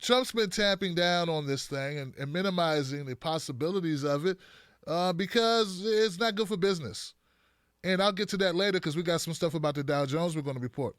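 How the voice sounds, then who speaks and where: A man hosting a political commentary show, talking in a blunt, animated, joking way with frequent restarts. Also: on the high side, brisk, clear, resonant tone, dry recording, clean studio sound.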